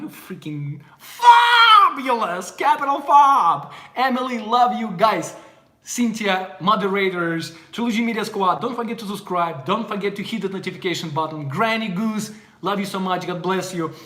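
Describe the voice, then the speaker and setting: A young man with a Russian accent hosts a casual livestream from his apartment, talking in a fairly high, bright, ringing voice. He gushes at his viewers and bursts into loud shout-outs. The recording is echoey, bouncing off the bare room around him. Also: normal speed. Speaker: livestream host teaching Russian. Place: apartment at home.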